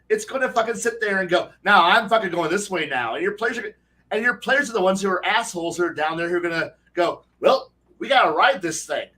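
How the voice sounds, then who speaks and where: A high-pitched man with a fairly bright tone joins a dungeon master podcast panel for casual conversation. He rambles, swears freely, and keeps restarting what he's saying.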